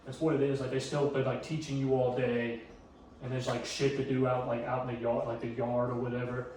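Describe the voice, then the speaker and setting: A young man co-hosting a podcast, telling rambling, profane stories in a lively way, recorded on a phone from across the room. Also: mid-range voice, fairly quick, slight background noise. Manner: animated, profane storytelling full of "like" and "dude". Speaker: podcast co-host. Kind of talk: casual group chat. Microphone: phone camera across the room. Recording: echoey room, phone mic from far off.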